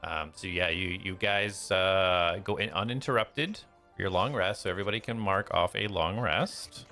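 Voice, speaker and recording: A man narrating a tabletop game as game master, relaxed, with many ums and uhs. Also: low-pitched, moderate pace, soft background music.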